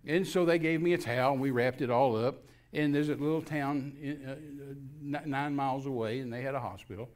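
A minister telling a lively personal story as a talk show guest, acting out the scenes as he goes. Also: medium pitch, fairly quick, few pauses. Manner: animated storyteller, acts out scenes.

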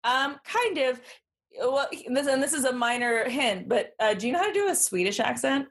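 A woman's voice: high voice, normal speed. A woman co-hosting a podcast in casual chat, telling stories with lots of fillers and laughter. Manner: giggly, animated storyteller with lots of fillers. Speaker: podcast co-host.

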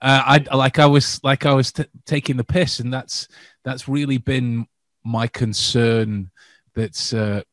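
A male guest answers questions in a hesitant, halting way, restarting his sentences and laughing often. His voice sits at a middle pitch and sounds dry and close, with no room echo. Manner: hesitant, many restarts and fillers, laughs a lot. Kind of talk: casual interview chat.

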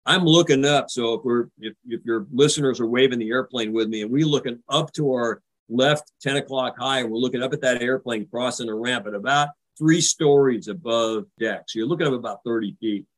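An older American man, a retired naval officer, recounts a tense carrier landing in a vivid, animated way during a podcast interview. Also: medium pitch, a little fast, hardly any pauses, rough recording. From United States. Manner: vivid, animated retelling, acting out radio calls. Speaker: guest.

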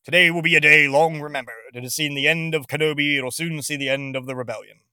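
A man putting on the voice of a menacing, commanding male villain lord, proclaiming loudly. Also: fairly even intonation, quick pace, smooth, no room sound, clean studio sound. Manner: booming, boisterous proclamations.

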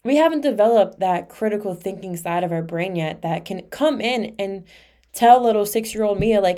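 A woman's voice: medium pitch, animated, normal speed, dark tone. A young adult woman hosting her own podcast, speaking in a candid, emotional confessional monologue full of "like" and casual swearing. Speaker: podcast host.

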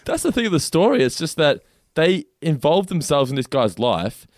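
A man's voice: on the high side, sing-song, moderate pace, darkish tone, dry recording, clean studio sound. A man co-hosting a podcast, chatting casually in an emphatic, blunt way. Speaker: podcast co-host. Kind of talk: casual chat.

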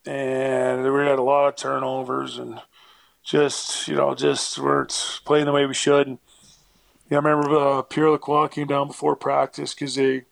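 Gravelly-voiced former hockey player telling stories. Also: male voice, mid-range voice, monotone, normal speed, dry recording. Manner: rambling, full of fillers, acts out quotes. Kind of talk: casual storytelling interview.

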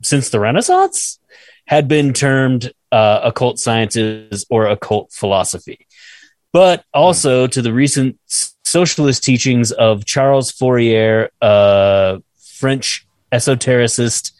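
A man's voice: medium pitch, takes it slowly, darkish tone, dry recording, studio quality. A man co-hosting a casual podcast, reading his notes aloud, stumbling over French words, swearing and laughing at himself. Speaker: podcast co-host reading research.

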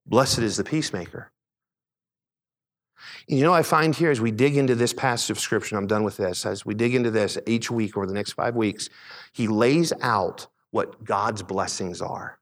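A middle-aged man preaching a sermon, a pastor telling a personal story in a conversational, animated way. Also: in a large hall. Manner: conversational preaching, animated retelling with quick pitch swings.

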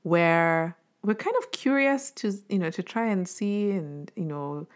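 A woman's voice: fairly low pitch, animated, measured pace. A woman hosting a podcast, encouraging her guest with affirmations and a loose, filler-heavy way of talking. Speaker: podcast host. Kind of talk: casual interview conversation.

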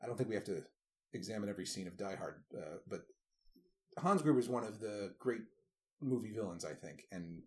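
A man talking films in an easygoing podcast chat, his pitch swinging widely as he goes. He is animated and drops into mock voices to quote scenes. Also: fairly quick. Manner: animated, breaks into mock voices when quoting. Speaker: podcast co-host. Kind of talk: casual movie discussion chat.

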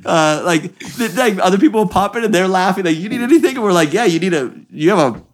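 A young man, a drift racing driver, telling a story with excitement and acting out the voices of the people in it. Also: high voice, a little fast. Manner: excited, acts out voices in quotes. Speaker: drift driver, podcast guest. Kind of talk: animated storytelling.

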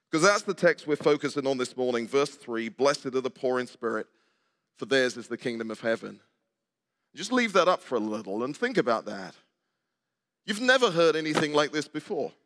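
A man's voice: medium pitch, a bit bright. An older male preacher giving a conversational sermon in a church, asking the congregation questions and joking with them. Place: church sanctuary. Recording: long hall reverb.

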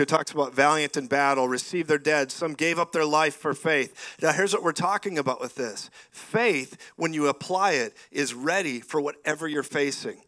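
Guy preaching to a church crowd, bright punchy voice, gets folks to repeat after him. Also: fairly high pitch, normal speed, hardly any pauses. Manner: call-and-response, has congregation repeat phrases; animated storytelling with laughter. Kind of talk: sermon. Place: church hall with live congregation.

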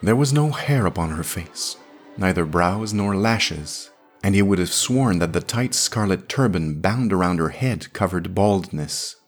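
A man reading a classic science fiction story aloud in a measured, descriptive storytelling manner. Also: low voice, expressive, faint music behind. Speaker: podcast narrator.

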